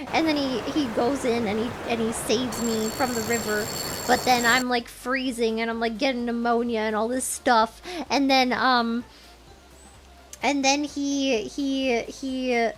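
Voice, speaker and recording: A young woman streamer casually telling a story, animated and giggly, often breaking into laughter. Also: a little high, background noise.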